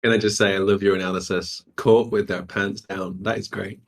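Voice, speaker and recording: A man's voice: low-pitched, level tone, a little fast. A man talking as a subnet developer on a voice call, thoughtful and full of fillers and restarts. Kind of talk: casual chat on a voice call.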